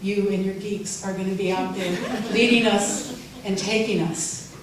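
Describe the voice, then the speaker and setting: An older woman gives a heartfelt farewell speech with gentle humor. She sounds far from the mic, in a very echoey hall with faint noise behind her. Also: mid-range voice, steady tone, measured pace. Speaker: farewell speaker. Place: event room.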